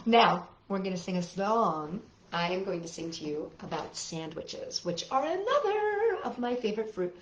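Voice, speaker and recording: Storytime host, woman, gentle read-aloud, lo-fi sound with faint guitar behind. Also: mid-range voice, big pitch swings, normal speed, hardly any pauses, reverberant. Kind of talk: reading aloud and singing for children.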